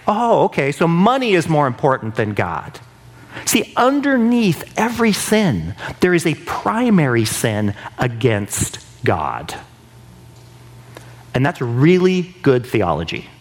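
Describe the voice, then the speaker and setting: A man delivers a sermon with a fairly high, very lively voice that rises and falls a lot. He talks to his listeners in a chatty way, asking "right?" again and again. He slips into raised, pleading voices to act out prayers. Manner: conversational, keeps asking "right?". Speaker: preacher.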